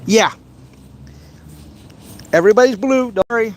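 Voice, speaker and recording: Speaking unhurriedly in a voice that sits high, a man rambles to livestream viewers as he fishes by a pond. He restarts his sentences often and teases them in a playful way.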